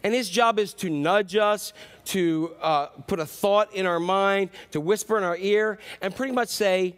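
High-voiced man preaching a sermon. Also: unhurried, fairly bright tone. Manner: storytelling with acted-out quotes. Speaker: pastor.

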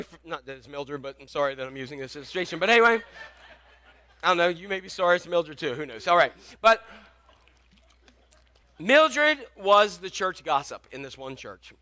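A man's voice: on the high side, pushed and bright. A man preaching a sermon in a conversational way, asking the congregation questions and telling stories. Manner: conversational, asks the congregation questions, tells anecdotes. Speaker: pastor.

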